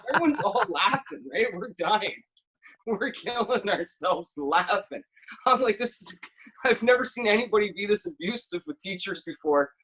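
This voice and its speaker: Animated, bright-voiced man telling stories. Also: high-pitched, moderate pace, breathy edge, muffled recording. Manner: animated, profane storytelling. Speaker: podcast guest. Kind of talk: casual chat.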